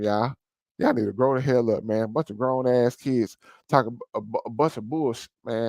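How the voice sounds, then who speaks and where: A man's voice: medium pitch, normal speed, darkish tone, no room sound, low-quality recording. Preachy man ranting in a dry room. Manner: preachy, emphatic, keeps calling listeners family. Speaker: vlog host. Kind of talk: ranting commentary over a played video.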